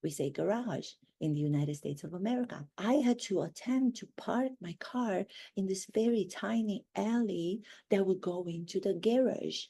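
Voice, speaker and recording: A woman's voice: medium pitch, normal speed, hardly any pauses, mellow, husky. A woman playing a haughty, self-absorbed duchess in a rambling parody monologue.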